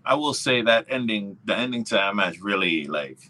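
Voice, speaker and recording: A man's voice: fairly low pitch, expressive, moderate pace, bright, forceful tone. A man giving his laid-back, profane take on a wrestling show in casual podcast chat. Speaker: podcast co-host.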